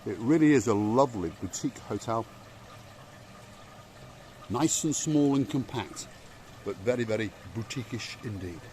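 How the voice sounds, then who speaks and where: A man's voice: mid-range voice, lively intonation, moderate pace, pauses often, darkish tone, a little hiss or hum. A man hosting a vlog, giving a playful, theatrical guided tour of a hotel. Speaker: vlog host. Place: outdoors and indoors at a hotel.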